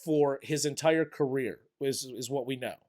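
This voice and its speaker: A man co-hosting a movie review show in casual chat, animated and profane, acting out scenes from the film. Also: medium pitch, moderate pace. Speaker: movie review podcast co-host.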